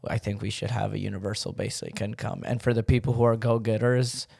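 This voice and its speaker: A man's voice: on the low side, steady tone, a little fast, gravelly, a little mellow, no room sound, studio quality. A man guesting on a casual podcast, earnest and thinking aloud as he makes his case. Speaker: comedian guest.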